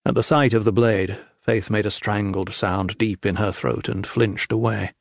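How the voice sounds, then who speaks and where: A man narrating an epic fantasy audiobook in a measured, grave manner. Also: lowish voice, fairly even intonation, gravelly, dry recording, studio quality. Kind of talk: scripted narration.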